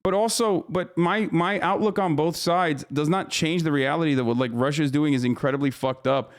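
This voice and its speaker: A man's voice: a little high, fairly quick. A man livestreaming casual commentary, ranting in an exasperated, profane way and rambling with frequent restarts. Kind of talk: casual live-stream commentary.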